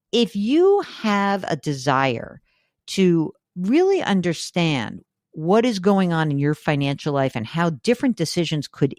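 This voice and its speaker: A woman with a low voice hosts a call-in show, chatty and emphatic. Her pitch swings widely, leaping up when something excites her. The studio sound is dry and close. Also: no room sound. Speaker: radio and podcast host. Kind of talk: casual call-in advice show.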